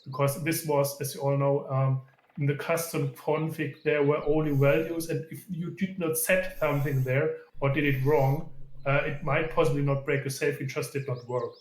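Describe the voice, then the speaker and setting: A man who is a game developer, chatting casually and halting often as he searches for words. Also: fairly high pitch, little pitch movement. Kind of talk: casual chat. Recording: echoey room.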